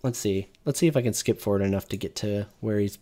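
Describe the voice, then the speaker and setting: A man's voice: on the low side, fast, warm tone. A man hosting a live stream, casually ranting and swearing while reacting to a video. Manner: profane, ranting. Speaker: streamer host.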